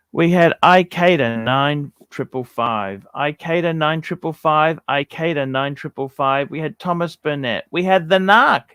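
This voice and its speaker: Livestream host guy reading out viewer names one by one, slow and smooth, dry close sound. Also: fairly high pitch, fairly bright tone, dry recording. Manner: unhurried, reads out viewer names in a long list. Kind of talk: casual livestream chat.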